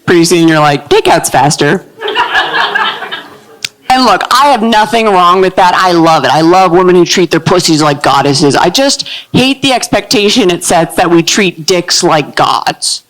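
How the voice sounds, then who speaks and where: Low-voiced woman doing stand-up. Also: expressive, normal speed, hardly any pauses, rough recording. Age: 30s. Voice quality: low, manly-sounding voice. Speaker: stand-up comedian. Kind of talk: live stand-up set. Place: comedy club stage with live audience.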